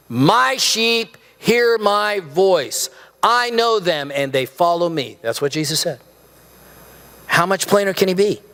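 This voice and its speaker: A man's voice: high-pitched, a bit bright. A man preaching a conversational sermon as pastor, asking the congregation questions and mixing in humor. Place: church sanctuary. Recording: church hall with long reverb.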